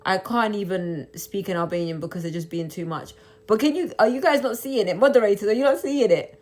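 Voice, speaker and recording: A young livestreamer on her phone responds to comments from viewers, mixing English and Albanian as she turns taunting and indignant, repeating quick rhetorical questions. She has a mid-range voice with a darkish tone.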